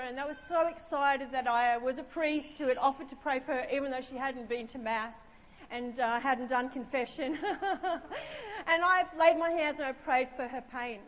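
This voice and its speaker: A woman's voice: high voice, normal speed, in a large hall. A woman pastor telling a story in a sermon, chatty and humorous, in a conversational way.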